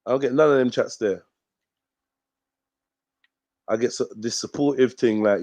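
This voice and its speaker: A man hosts a live talk stream. He speaks bluntly in street slang and swears freely. His voice sits in an ordinary middle pitch, recorded dry and close. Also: moderate pace, pauses often, a little mellow, no echo, highs cut off. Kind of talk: casual livestream rant.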